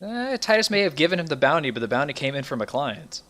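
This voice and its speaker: Guy doing a blunt lizard-man bounty hunter, skeptical, dry, kinda flat and low in a tabletop game. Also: quick pace, a crowd in the background. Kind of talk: tabletop role-play in character.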